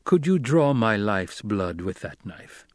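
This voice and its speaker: A man voicing a young noble heir who speaks slowly, coldly and with command, in a dry audiobook recording. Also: lowish voice, big pitch swings, a little mellow, no room sound. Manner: slow, cold, commanding delivery.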